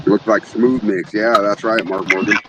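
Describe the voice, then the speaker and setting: A man's voice: lowish voice, steady tone, normal speed. A man hosting a casual livestream chat, joking and cursing as he reads out names from the chat. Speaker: podcast host. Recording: muffled with clear background noise.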